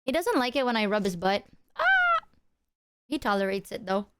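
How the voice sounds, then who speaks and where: A young woman livestreaming casual chat, animated and giggly, talking to her cat at her desk mic. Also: mid-range voice, quick pace, very noisy. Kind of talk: casual live-stream chat.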